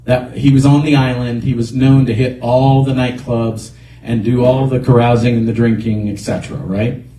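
Animated preacher in an echoey church. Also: male voice, mid-range voice, normal speed, distant mic. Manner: animated, repeats exhortations. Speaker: pastor. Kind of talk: sermon.

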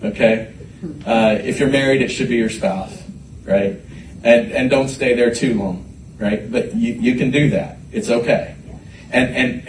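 A man's voice: mid-range voice, far from the mic, a little hiss or hum. Fervent preacher man in an echoey room. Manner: animated, repeats words, rising to shouts. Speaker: pastor. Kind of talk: sermon. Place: church sanctuary.

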